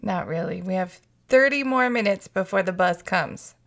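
A woman's voice: medium pitch, normal speed, heavy background noise. A woman hosting a podcast in casual chat, frank and a bit crude, laughing often. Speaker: podcast host and mother.

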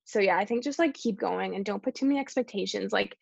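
A woman's voice: medium pitch, fast talker, creaky, husky, no echo, muffled recording. A young woman from Canada, a guest chatting casually in an interview, full of "like" fillers. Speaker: guest, YouTuber.

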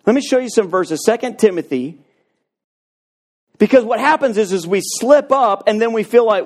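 A man preaching a sermon, animated and telling stories, acting out the voices of people in them. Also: high-pitched, moderate pace. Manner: animated, acts out voices in anecdotes. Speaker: pastor. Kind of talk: sermon with storytelling.

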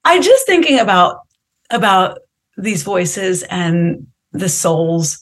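A woman's voice: fairly low pitch, big pitch swings, takes it slowly. A woman hosting a podcast, reflective and supportive, swearing casually in conversation. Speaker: podcast host. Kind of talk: podcast interview.

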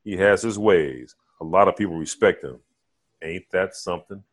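A man's voice: sits low, normal speed. Man voicing a terse, cool-headed hero. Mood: dry. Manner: terse, understated.

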